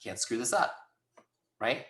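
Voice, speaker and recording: A man's voice: medium pitch, sing-song, unhurried, fairly bright tone, echoey room, a little hiss or hum. A man running a webinar training, talking casually and acting out both sides of conversations. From Southern California. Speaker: sales trainer.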